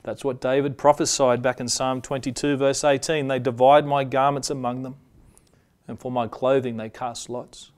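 A man preaching a sermon, reading scripture passages aloud in a measured way and slowing down on the solemn lines. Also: medium pitch, little pitch movement.

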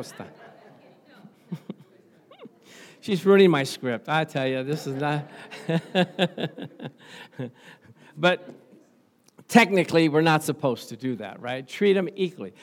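High-voiced pastor preaching animatedly. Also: male voice, slow, pauses often. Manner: animated, rising to excited exclamations; calls for congregational responses. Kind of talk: sermon.

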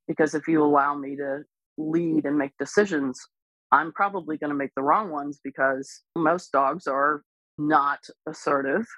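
A woman dog trainer speaking as an interview guest, explaining patiently and calmly, with lively bursts when she imitates other people. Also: low-pitched, moderate pace, no room sound, poor audio. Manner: calm, explains patiently, animated when imitating excited owners. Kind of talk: casual explanatory interview talk.

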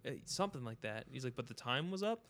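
A man's voice: mid-range voice, animated, fast, fairly bright tone. A man from California chatting casually on a podcast, telling long rambling stories full of fillers. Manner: rambling, filler-heavy storytelling. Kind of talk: casual chat.

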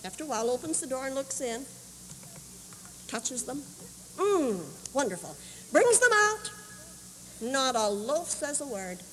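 A woman preacher telling a sermon story, animated and acting out voices, on an old camp meeting tape. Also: high voice, unhurried, pauses often, slight background noise. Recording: 1981 camp meeting tape, roomy hall.

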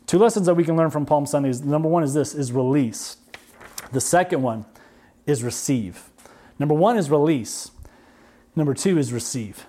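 A male pastor delivering a heartfelt sermon in a notably high voice. He repeats key phrases and drags out the words he wants to land, dropping soft and low on the solemn lines. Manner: earnest, repetitive preaching with emphatic slow phrases.

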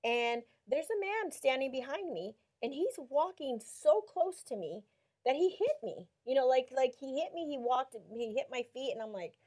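A woman's voice: high voice, normal speed. A woman on a Christian talk show telling a story with lots of acted-out quotes and frequent laughter. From Mexico. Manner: animated storyteller, acts out quotes, laughs often.

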